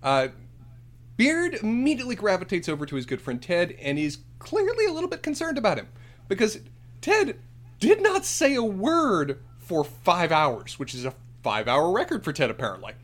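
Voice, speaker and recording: A man's voice: high-pitched, big pitch swings, moderate pace, fairly bright tone. A man co-hosting a podcast, recapping a TV episode in casual chat with wry, playful asides. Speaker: podcast co-host.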